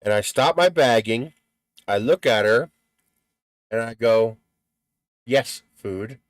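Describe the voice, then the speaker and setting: A man's voice: medium pitch, animated, unhurried, clear, resonant tone, no echo. A man hosting a live stream in casual chat, blunt and profane, who laughs at his own stories.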